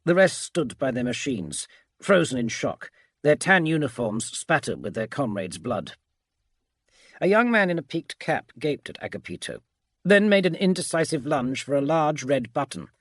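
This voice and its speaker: Husky man narrating a bedtime audiobook. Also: on the high side, sing-song, normal speed, no echo, studio quality.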